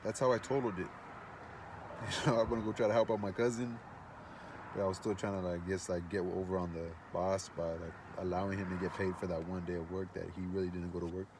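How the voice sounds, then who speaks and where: Man, casual storytelling, rambling, profane, lots of fillers, low voice, faint background noise. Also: level tone, fairly quick. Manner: rambling, profane, laid-back with many fillers.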